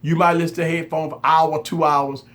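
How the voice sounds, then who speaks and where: A man's voice: on the high side, little pitch movement, a little fast, fairly bright tone. A man hosting a tech channel, talking straight to his viewers in a casual live chat. He is candid and insistent, repeating himself to stress his point.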